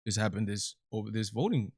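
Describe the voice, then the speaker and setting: A man's voice: on the low side, fairly quick, darkish tone, slightly rough, no room sound, clean studio sound. Emphatic New man hosting a stream. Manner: emphatic, repetitive restarts. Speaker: show host. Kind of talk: live commentary stream.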